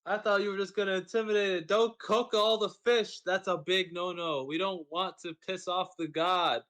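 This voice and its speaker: A man playing a tabletop game, protesting loudly to a fellow player. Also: sits high, steady tone, normal speed. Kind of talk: casual tabletop game play.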